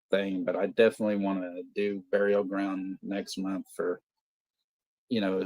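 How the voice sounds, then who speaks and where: Male stream host, deep-ish mellow voice, loose swearing banter. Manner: profane, rambling, laughs often. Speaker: watch party stream host. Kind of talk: casual livestream chat.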